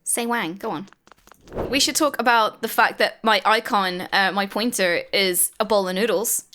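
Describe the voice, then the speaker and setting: A woman's voice: mid-range voice, normal speed, bright, forceful tone. A British woman hosting a casual video game chat, playful and teasing. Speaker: video game channel host. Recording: music in the background.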